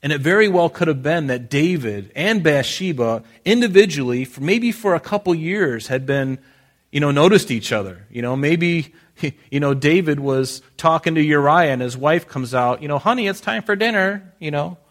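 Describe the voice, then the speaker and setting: A man's voice: a little high, lively intonation, moderate pace. A man preaching a sermon in a conversational way, often restarting his sentences and repeating phrases. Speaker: pastor.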